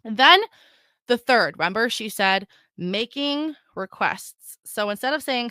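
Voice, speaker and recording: A woman's voice: fairly high pitch, animated, unhurried, bright, forceful tone, smooth, no echo, clean studio sound. A young adult woman hosting a podcast, talking casually to her listeners with frequent restarts and filler words. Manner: chatty, stumbling restarts, addresses listeners as guys. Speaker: podcast host. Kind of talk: casual solo podcast talk.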